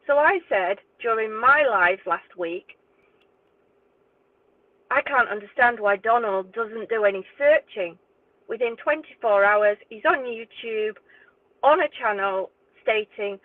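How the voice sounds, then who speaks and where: A woman's voice: on the high side, animated, moderate pace, dry recording. A woman ranting indignantly as a true crime YouTuber, swearing and exasperated. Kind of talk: angry direct-to-camera rant. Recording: tinny phone-like dry audio.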